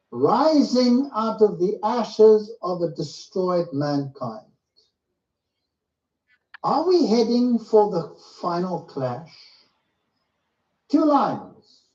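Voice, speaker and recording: A man's voice: sits high, dark tone. A man preaching a sermon-style lecture, emphatic and full of rhetorical questions to his listeners. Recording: echoey, distant, muffled.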